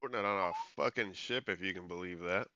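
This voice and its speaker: A man's voice: low-pitched, quick pace, bright, forceful tone, lo-fi sound, a little hiss or hum. A man playing his wizard in a tabletop game, answering in a dry, laconic way with some swearing. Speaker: player.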